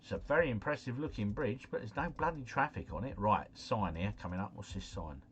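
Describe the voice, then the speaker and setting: A man giving live gameplay commentary, chatty and excitable as he talks to his viewers. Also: fairly low pitch, fairly quick, a little hiss or hum. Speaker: gaming livestreamer.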